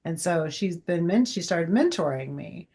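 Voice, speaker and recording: A woman's voice: on the low side, animated, moderate pace, dark tone, slightly rough. A woman in her forties, a guest chatting casually in an interview, rambling with many fillers and acting out past conversations.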